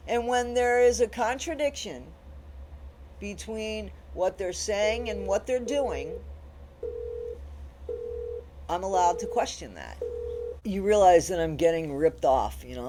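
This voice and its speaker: A vlog host talking straight to viewers in casual commentary, with a mid-range voice. The host leans hard on each point, repeats phrases for emphasis, and pushes harder and louder while arguing. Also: medium pitch, slight background noise, poor audio. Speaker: channel host.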